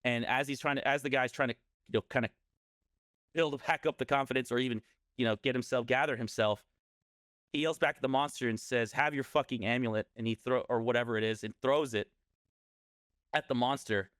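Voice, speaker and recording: A man's voice: medium pitch, steady tone, a little fast, pauses often, fairly bright tone, dry recording, clean studio sound. A man casually telling a scary story on a podcast, rambling and often correcting himself.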